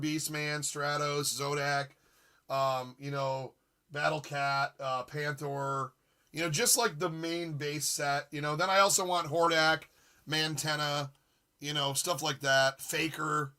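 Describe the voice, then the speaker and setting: A man in his forties hosting a live gaming stream, chatting casually and reading viewer comments with excitable, jokey humor. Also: on the high side. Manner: excitable, jokey, reads chat aloud. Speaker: streamer host.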